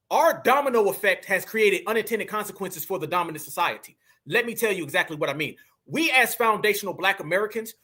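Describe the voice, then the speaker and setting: A man's voice: high voice, bright, forceful tone, breathy edge. A male host giving reaction commentary on clips in an emphatic, dismissive, slangy way.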